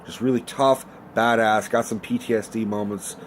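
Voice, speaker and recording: A film reviewer with a voice on the low side and fairly even intonation speaks at normal speed over slight background noise. His casual movie review is a rambling rant, swearing freely and stuffed with ums and likes.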